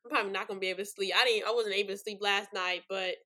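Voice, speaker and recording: A woman's voice: mid-range voice, steady tone, rapid-fire, bright, forceful tone. A young woman hosting a true-crime podcast, rambling with many fillers and choked up, near tears. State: tearful. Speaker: podcast host.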